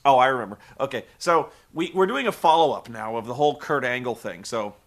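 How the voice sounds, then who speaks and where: A man's voice: mid-range voice, expressive, a little fast. A man hosting a comedic wrestling review, ranting in a profane, stammering, exasperated way. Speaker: host reviewing a wrestling show.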